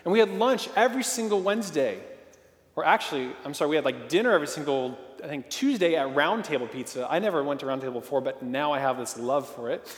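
Animated man preaching in an echoey hall. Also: fairly high pitch, fast talker. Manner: casual, animated, full of fillers and acted-out quotes. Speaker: pastor. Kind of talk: sermon.

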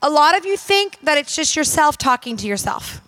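High-voiced woman preaching emphatically. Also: sing-song, normal speed, fairly bright tone, no echo. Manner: emphatic, direct and conversational, addressing the audience. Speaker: minister. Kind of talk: sermon.

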